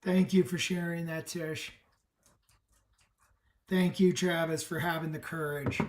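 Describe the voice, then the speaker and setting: Brief: energetic male summit host, roomy echo, sounds set back from the mic. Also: fairly high pitch, measured pace. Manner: enthusiastic, emphatic pep talk. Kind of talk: live video call talk. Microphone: video call. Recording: echoey room, distant from the mic.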